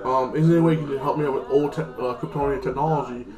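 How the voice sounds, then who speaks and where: A man's voice: mid-range voice, steady tone, quick pace. A man casually recapping a TV episode in a rambling, crude way, full of fillers. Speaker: TV episode reviewer. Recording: echoey room with music.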